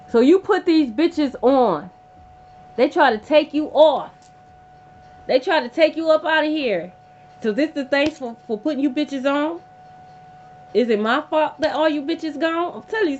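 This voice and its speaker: A woman's voice: high-pitched, a little mellow. A woman giving a casual tarot reading to camera, emphatic and blunt, swearing freely and repeating lines for effect. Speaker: tarot reader. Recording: dull lo-fi audio with hum.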